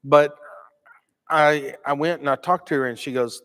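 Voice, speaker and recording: A man from the United States preaching a sermon, telling a story with animated delivery and acting out the quotes. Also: fairly high pitch, moderate pace, pauses often, clean tone. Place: church. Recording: long reverb of a church hall.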